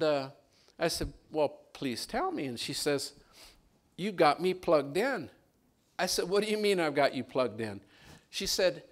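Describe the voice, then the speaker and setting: A man preaching from the pulpit, drifting from quiet asides into excited, raised storytelling. His pitch sits in an everyday middle range for a man. The delivery is lively and the story keeps him moving. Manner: animated storyteller, rising and louder when excited. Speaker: pastor. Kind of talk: sermon with storytelling.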